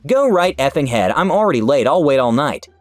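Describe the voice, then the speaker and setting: An indignant, demanding woman customer who insists on seeing the manager, read by a man narrating. The delivery is lively in pitch, in a dry recording with faint music under it. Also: fairly quick, no room sound. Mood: furious. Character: entitled irate woman customer.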